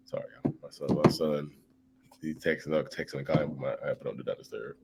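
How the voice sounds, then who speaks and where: A man with a very low, deep voice chats casually on a live stream. He is animated, reading viewer comments and acting them out. He often trips over and repeats his words as he searches for them. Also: fast talker, gravelly, over loud music.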